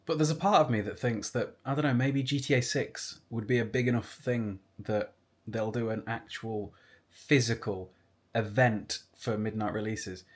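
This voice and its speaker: Young guy, mid-pitched, casual storytelling vlog with rambling asides. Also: normal speed. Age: 20s. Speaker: YouTuber.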